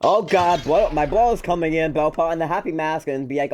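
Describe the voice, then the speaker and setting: A man's voice: on the high side, expressive, fairly quick, darkish tone. A man ranting into the camera to call out his brother, stumbling and restarting often, mocking and exasperated. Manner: rambling, with frequent stumbles and restarts. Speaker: YouTuber calling out his older brother.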